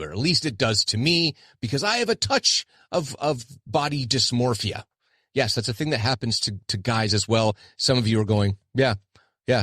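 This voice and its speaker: A man's voice: medium pitch, a bit bright, no room sound, studio quality. A middle-aged man hosting his own podcast, talking candidly and self-deprecatingly in a rambling casual monologue. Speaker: podcast host.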